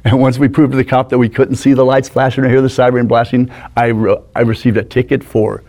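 A man in his sixties telling animated stories as a guest in a studio interview, acting out the people in them. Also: mid-range voice, fairly quick. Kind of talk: anecdotal storytelling.

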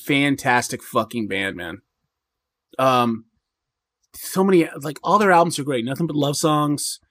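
A man's voice: mid-range voice, a little slow, a bit bright, no echo. A man talking as a podcast guest in casual chat, rambling with many fillers and restarts.

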